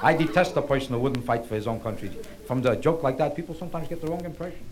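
A man's voice: medium pitch, expressive, fast. A man doing a self-mocking stand-up routine on stage, rambling through his jokes before a live audience. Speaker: stand-up comedian. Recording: live stage recording with audience laughter and noise.

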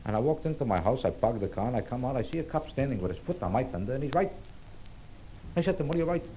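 Laughter and crowd noise fill this live stage recording of a comedian poking fun at himself as he meanders through his set. He speaks in a mellow, mid-range voice, quickly and with lively intonation.

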